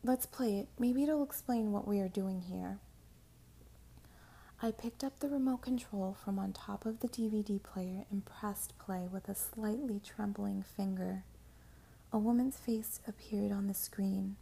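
A woman reading a first-person story aloud in a soft, mostly whispered narration. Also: mid-range voice, vocal fry, breathy edge.

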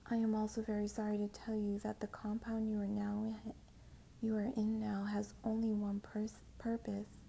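A woman voicing a shaken young woman who reads a message quickly and unsteadily, in a whispered role-play. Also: mid-range voice, monotone, gravelly, dark tone, slight background noise, natural voice. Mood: hurried. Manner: hurried, shaky, whispered like reading a script.

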